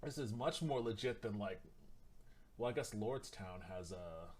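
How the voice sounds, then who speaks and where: A man hosts a casual livestream, reading news articles aloud in an everyday voice. He trips over names and numbers and backs up to fix them. Between passages he drops in quick, blunt, profane comments of his own. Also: lowish voice, animated, a little mellow. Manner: stumbles and restarts while reading. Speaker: livestream host.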